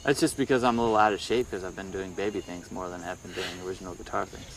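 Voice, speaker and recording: A young man in casual conversation, thinking aloud in halting, rambling sentences full of restarts. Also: low-pitched, steady tone, noisy background. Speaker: podcast co-host, musician. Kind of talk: casual phone chat.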